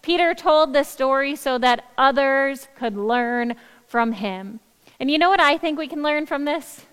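A woman's voice: high voice, a little slow, fairly bright tone, big-room sound. A woman pastor preaching a sermon in an earnest, emphatic way, repeating her key phrases.

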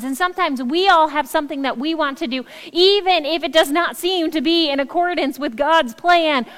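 High-voiced woman preaching in a reverberant hall. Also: a bit bright. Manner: earnest, repetitive, emphatic preaching. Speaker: pastor. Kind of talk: sermon.

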